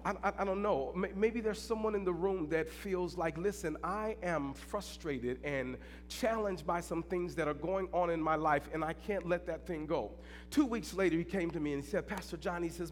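Preaching man in an echoing church. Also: sits high. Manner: preaching with strong emphasis, slow deliberate repetition. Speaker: pastor. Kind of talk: sermon. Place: church sanctuary. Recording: long hall reverb, faint hum.

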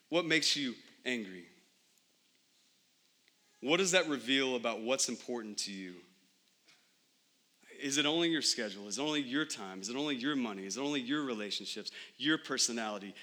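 Preaching in church, this young adult pastor has a fairly high, pushed, bright voice. He keeps the sermon conversational and often poses rhetorical questions to the congregation.

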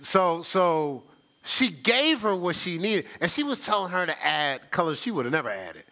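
A man's voice: sits high, sing-song, normal speed, sharp tone. A middle-aged man preaching a sermon as pastor, conversational and teasing his congregation.

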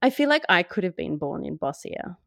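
A woman's voice: fairly low pitch, big pitch swings, brisk, vocal fry, a bit bright, dry recording. A woman co-hosting a podcast, chatting casually with dry, wry humor and steering the topic. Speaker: podcast co-host. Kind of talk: casual chat.

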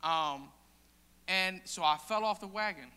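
A man giving a casual, halting testimony in a sermon, with many restarts and fillers. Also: high-pitched, sharp tone, smooth. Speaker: church member sharing testimony. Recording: long hall reverb.

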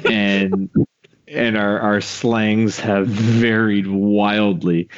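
A man's voice: on the low side, level tone, very slow. A man co-hosting a podcast in casual, rambling, joking chat. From Canada. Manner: rambling, joking, drops into mock voices. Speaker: podcast co-host. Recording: muffled online call audio.

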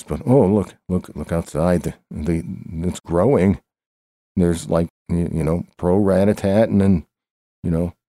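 A man improvising a comic back-and-forth in a dry, deadpan manner, rambling with lots of "you know" and restarts. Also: deep voice, no room sound. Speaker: comic storyteller.

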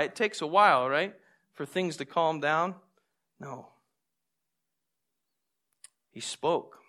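A man preaching a sermon, telling stories with lively, acted-out moments and drawing lessons from scripture. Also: a little high. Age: adult with a young son. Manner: animated storytelling, acts out scenes. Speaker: pastor.

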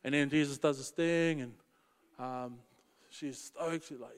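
A man's voice: mid-range voice, unhurried, clear, resonant tone, big-room sound. A man preaching in a casual, slangy storytelling way. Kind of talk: storytelling sermon.

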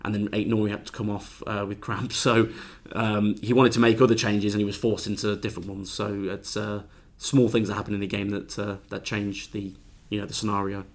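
Man, football reporter, low flat voice, fast, hesitant, casual podcast. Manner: hesitant, with many ums and restarts. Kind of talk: casual chat.

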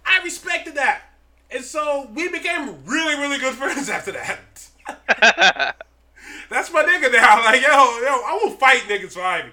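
A man co-hosting a casual chat, telling stories in a profane, animated way and laughing often. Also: extremely high pitch, unhurried. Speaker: podcast co-host.

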